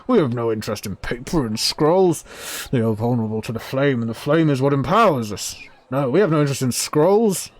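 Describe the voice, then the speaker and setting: A man's voice: sing-song, a little mellow. A man voicing a hostile, fire-worshipping forge dweller who bellows in anger. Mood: angry. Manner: angry, booming, drawn-out.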